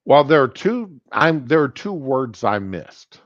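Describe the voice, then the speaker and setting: Animated middle-aged man telling a story. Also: mid-range voice, a little slow, no room sound. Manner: animated, rambling anecdote with self-corrections. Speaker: podcast host. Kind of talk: casual storytelling monologue. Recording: dull lo-fi sound.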